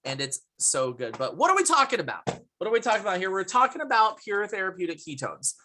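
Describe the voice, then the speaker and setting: A woman's voice: medium pitch, sing-song, quick pace, noisy background. A woman hosting a live product presentation on a video call, chatty and laughing often, greeting viewers from the chat by name. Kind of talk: upbeat live presentation with chat shout-outs. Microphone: computer mic on a video call.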